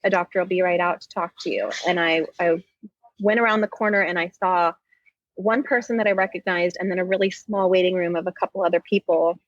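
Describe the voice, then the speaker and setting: A woman in her thirties, a podcast guest, retelling a painful personal story in a halting, heartfelt way. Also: lowish voice, steady tone, no echo, highs cut off.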